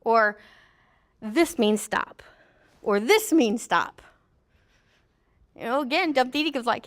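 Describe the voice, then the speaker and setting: High-voiced woman safety trainer, joking. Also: lively intonation, slow, long pauses. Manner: joking, acts out quotes in funny voices. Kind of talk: classroom training talk.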